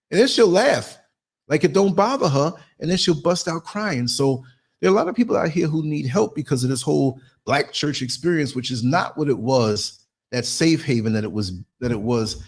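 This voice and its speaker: Podcast host, male, blunt animated storyteller, somewhat high husky voice. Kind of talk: casual commentary monologue.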